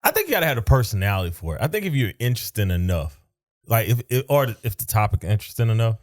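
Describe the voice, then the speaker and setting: Man, rural Southern US accent, podcast co-host, laid-back, lowish voice, lively pitch movement. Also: fast talker. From rural South Carolina, US. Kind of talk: casual podcast chat.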